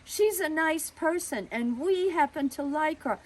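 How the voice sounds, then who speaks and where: A man's voice: high voice, unhurried, rough recording. A woman retelling a story, voicing her father as he firmly defends a family friend. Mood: indignant. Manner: firm, rising to angry protest. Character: indignant middle-aged father defending a friend.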